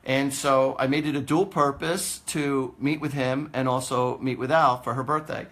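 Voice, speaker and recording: A man's voice: mid-range voice, steady tone, normal speed, fairly bright tone. A man, a psychic host chatting casually on a live stream, rambling and laughing often.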